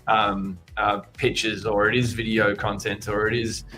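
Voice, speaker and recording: A man's voice: on the low side, level tone, normal speed. A man on a music feedback panel, talking casually and frankly, rambling with restarts.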